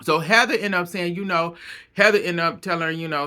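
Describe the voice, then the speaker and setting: A man casually recapping a reality show, gossipy and quick to laugh. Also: sits high, sharp tone, smooth. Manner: laughs often, loose and gossipy.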